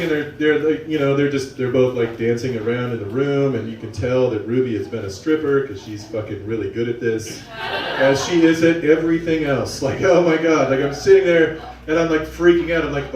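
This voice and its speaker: A young man telling a profane, excitable, self-mocking story on stage to a live audience. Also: medium pitch, fairly quick, slight background noise. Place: small venue with a live audience. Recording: roomy, from a distance.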